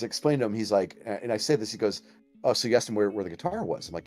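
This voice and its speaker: A man from Southern California with a Californian accent, telling animated stories full of fillers as a guest in a casual chat. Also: on the low side, rapid-fire, soft background music.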